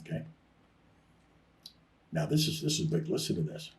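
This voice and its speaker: A man's voice: moderate pace, recorded from a distance. A man co-hosting a sports talk show, rambling in a loose, self-interrupting way. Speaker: co-host. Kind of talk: casual sports talk chat.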